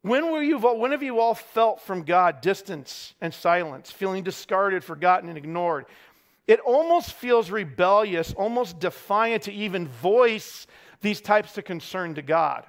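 High-voiced man preaching a sermon. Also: lively intonation, a little slow. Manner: builds to shouting peaks, wry asides about parenting. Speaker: pastor.

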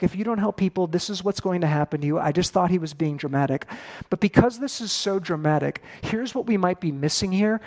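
A man in his forties preaching a sermon in a conversational, animated way with casual asides. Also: sits high. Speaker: pastor.

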